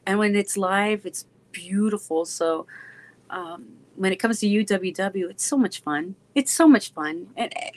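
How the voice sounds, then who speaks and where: A woman's voice: mid-range voice, unhurried, a little mellow, slight background noise. A woman chatting casually with viewers on a live stream from her phone, bubbly and effusive, often slipping into a little kid voice.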